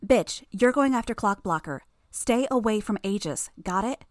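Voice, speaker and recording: A woman voicing a sharp, sly teenage girl who speaks urgently and insistently in an audiobook. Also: mid-range voice, lively intonation, a little fast, dry recording, studio quality, voice pushed up, natural voice.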